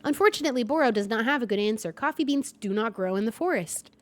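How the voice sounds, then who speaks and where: A woman voicing a gentle little tea shop creature who speaks formally and calls itself by name. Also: fairly high pitch, expressive, fast talker, close to an everyday voice. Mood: explaining.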